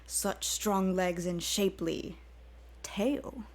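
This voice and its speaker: A woman voicing a lecherous, pompous nobleman in a comic dramatic reading, drawing her words out slowly and leeringly. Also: darkish tone. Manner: slow, drawn-out, leering, mock-deep.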